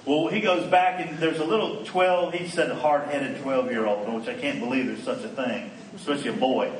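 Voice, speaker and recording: A man giving a storytelling sermon as a conference speaker, animated and acting out the people in his stories. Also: mid-range voice, moderate pace. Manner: animated storyteller who acts out quoted lines. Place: conference hall. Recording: echoey hall, mic at a distance, faint background noise.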